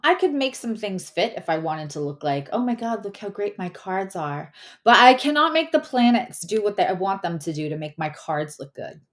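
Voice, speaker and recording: A woman giving a casual astrology and tarot reading, chatty and rambling, often correcting herself mid-sentence. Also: fairly low pitch.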